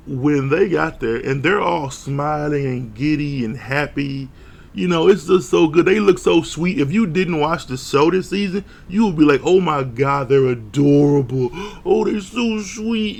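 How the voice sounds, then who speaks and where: A man's voice: mid-range voice, creaky. A man giving a blunt, profane, casual recap of a reality show, retelling scenes with mock quotes. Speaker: show reviewer.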